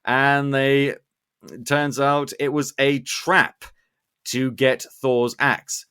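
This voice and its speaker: A man's voice: mid-range voice, takes it slowly, clear, resonant tone. Man hosting a casual film-review podcast. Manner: animated, sarcastic asides. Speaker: podcast host.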